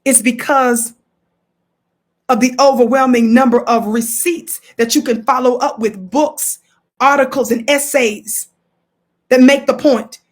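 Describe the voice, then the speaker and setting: Woman livestream host, fairly high voice, emphatic, talks straight to viewers, reads quotes aloud. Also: steady tone, unhurried. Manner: emphatic, addresses viewers directly, repeats key quotes. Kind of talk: live commentary reading from a book.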